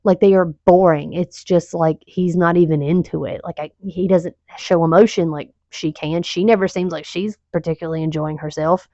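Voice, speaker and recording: Book vlogger woman, rambling and exasperated, low voice with vocal fry, dull home mic. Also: fairly even intonation, normal speed, few pauses, warm tone, no echo. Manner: rambling, exasperated, swears freely. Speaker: book reviewer. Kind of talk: casual book review vlog. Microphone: home video mic.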